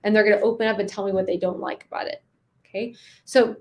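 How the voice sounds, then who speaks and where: A young adult woman coaching sales in a casual, conversational way, slowing down and pausing to stress key words. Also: medium pitch, steady tone, a little mellow. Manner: conversational, slows down and pauses for emphasis. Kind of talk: casual teaching with spoken sales examples.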